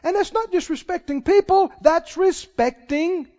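A man preaching a sermon as pastor, folksy and emphatic, with sudden loud swells and drawn-out words. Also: extremely high pitch. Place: church sanctuary. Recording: muffled recording in a reverberant church hall.

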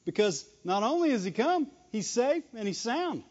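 A man with a strikingly high voice preaches a sermon with emphatic, animated delivery and frequent chuckles. The recording is dull and lo-fi. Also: moderate pace, few pauses.

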